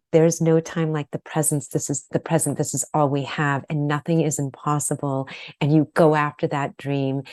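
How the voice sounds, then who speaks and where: Low-voiced, effusive woman podcast host. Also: darkish tone, clean tone, no room sound, studio quality. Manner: emotional, effusive, encouraging. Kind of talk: podcast conversation.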